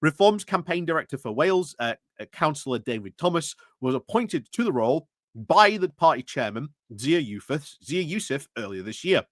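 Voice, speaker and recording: A man's voice: on the high side, very animated, a little fast, a bit bright, no echo. A man hosting a casual political commentary livestream, chatty and wry, with lots of filler words and self-corrections. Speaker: political commentary channel host.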